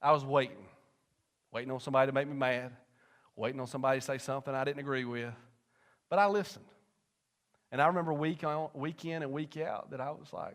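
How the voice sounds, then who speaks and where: A young man, preaching a folksy personal testimony that swings from loud to hushed. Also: medium pitch, fast, pauses often. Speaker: pastor. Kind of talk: sermon testimony.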